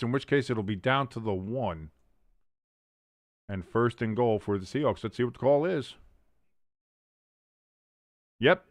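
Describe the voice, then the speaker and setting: A man hosting a live watch-along stream, calling the plays casually and jumping sharply in pitch and volume on big moments. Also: animated, unhurried, long pauses, no echo, studio quality. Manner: mumbles and scats to himself while thinking. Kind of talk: casual live play-by-play commentary.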